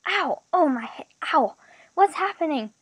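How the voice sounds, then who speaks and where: A woman voicing a dazed, injured young woman who speaks in a bewildered, halting way. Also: high-pitched, lively intonation, dry recording, pitched above the performer's own voice. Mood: confused.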